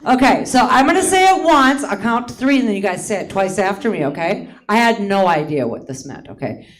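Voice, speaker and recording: She's a Hawaiian comedian in her late fifties, joking about herself onstage at a theater and chuckling at her own punchlines. Her medium-pitched voice has a sing-song lilt and moves a bit fast.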